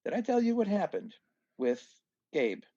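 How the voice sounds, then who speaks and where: Man, from southeast Louisiana, podcast guest, gravelly voice, animated rambling storyteller, muffled lo-fi sound. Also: high-pitched, normal speed, no room sound. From southeast Louisiana, USA. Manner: animated storyteller, many restarts and asides. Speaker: guest musician. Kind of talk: storytelling in a casual podcast chat.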